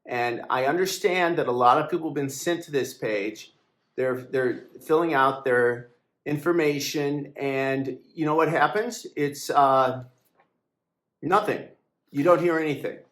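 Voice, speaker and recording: A man's voice: a little high, a little slow, a bit bright, roomy sound. A man, founder and editor of a website, talking casually and hesitantly, with many fillers and restarts, in an aggrieved, complaining way. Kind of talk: casual monologue to camera.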